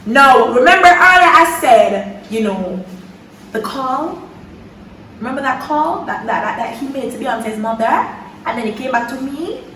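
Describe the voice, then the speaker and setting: A young woman from Jamaica with a Jamaican accent, telling a story in a lively, dramatic way with patois slipping in. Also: high voice, a little slow, reverberant, recorded from a distance, slight background noise, rough recording. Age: young adult. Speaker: vlogger. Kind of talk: storytime chat.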